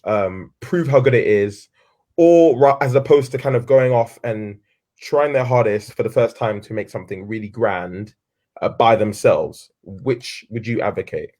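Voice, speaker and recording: A man's voice: on the low side, a little slow, a little mellow. A man interviewing a filmmaker, asking long questions with frequent hesitations. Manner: hesitant, many fillers. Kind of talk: conversational interview.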